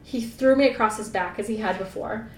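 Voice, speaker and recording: A woman with a darkish tone and fairly quick delivery co-hosts a podcast, reading a novel aloud. She keeps interrupting herself with playful, sarcastic jokes and laughter. The room is echoey, the mic sits at a distance, and there's a faint rumble.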